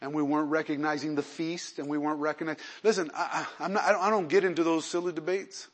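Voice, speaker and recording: This male preacher talks fast in a voice on the high side, acting out quotations as he delivers his sermon. His delivery lurches between booming emphasis and hushed asides.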